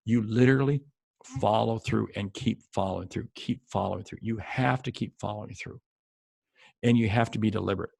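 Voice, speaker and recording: A man's voice: on the low side, fairly quick, gravelly, darkish tone, breathy edge, no echo. A man giving a motivational sales coaching talk straight to the viewer, driving points home by repeating them with emphasis. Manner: emphatic, repeats key phrases for stress; speaks directly to the viewer. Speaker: sales trainer.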